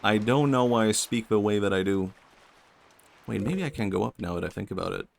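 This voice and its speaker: Low gravelly Swedish man streaming. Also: fairly quick, a crowd in the background. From Sweden. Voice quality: vocal fry. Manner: soft-spoken, musing, talks to chat. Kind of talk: casual game-stream chat.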